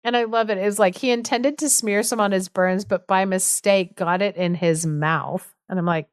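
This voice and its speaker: A woman's voice: medium pitch, moderate pace, clear, resonant tone, no room sound, studio quality. Giggly, chatty woman podcast host. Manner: chatty, giggly, heavy on fillers. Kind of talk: casual storytelling chat.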